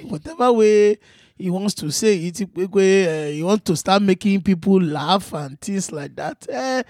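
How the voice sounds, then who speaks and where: A man's voice: high voice, animated, darkish tone, no room sound, studio quality. A man putting on a preachy Yoruba-accented man who drags out "eh" and lectures on working hard. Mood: lecturing. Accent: Yoruba-accented English. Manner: drawn-out "eh" fillers, mixes in Yoruba phrases, lecturing. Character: exaggerated Yoruba man giving advice, preachy, drawling.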